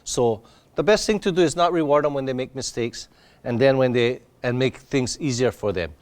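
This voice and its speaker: A man demonstrating dog training, explaining each step in a patient, plain way while he works with his dog. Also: normal speed. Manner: bursts into high excited praise for the dog.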